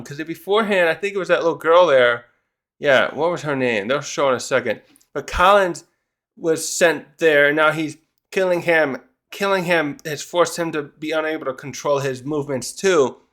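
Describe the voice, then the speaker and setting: A man's voice: a little high, moderate pace. A man casually reviewing a comic chapter, thinking aloud with many restarts and acting out characters' lines. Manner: rambling, full of restarts and fillers; animated, acts out characters' lines. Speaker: manga reviewer.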